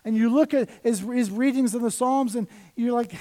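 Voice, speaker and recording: A middle-aged male pastor with a notably high voice delivers a sermon. He drops to quiet, murmured asides, then rises into loud, emphatic readings from scripture. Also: moderate pace.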